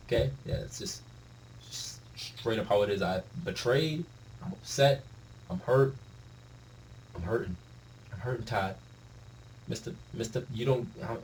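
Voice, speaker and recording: A man's voice: on the low side, darkish tone, far from the mic, a little hiss or hum, low-quality recording. A man giving a casual, exasperated film review late at night at home, laughing often. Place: home room.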